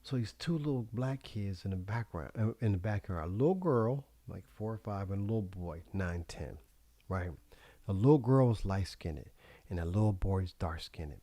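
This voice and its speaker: A man's voice: fairly low pitch, animated, normal speed, mellow, no room sound. Profane, rambling man on a livestream. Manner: rambling, profane, laughs often. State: high. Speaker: livestream talk show host. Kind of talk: casual profane monologue.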